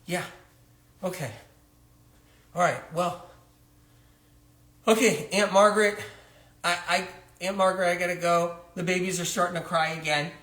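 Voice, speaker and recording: A man putting on a high-pitched, frantic new mother of newborn twins, talking slowly as she pleads and complains on the phone, close to tears. The voice has a bright, tense edge and rings in a roomy, echoey space. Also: steady tone. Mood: weary. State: tearful, near crying. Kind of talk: comedic one-man phone sketch. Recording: roomy echo.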